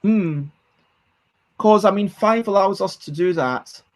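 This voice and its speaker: During a casual game design livestream, a streamer thinks aloud and counts out numbers. The voice is medium-pitched and slow.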